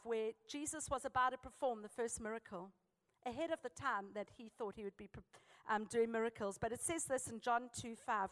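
A South African woman preaching a sermon, telling a personal story with lively, emphatic exhortation. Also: on the high side, long reverb tail.

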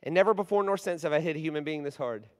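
A man in his forties preaching a storytelling sermon, animated, moving from hushed asides to loud bursts. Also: on the high side, racing, clear, resonant tone. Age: 40s. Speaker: guest preacher. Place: large church hall. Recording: long hall reverb.

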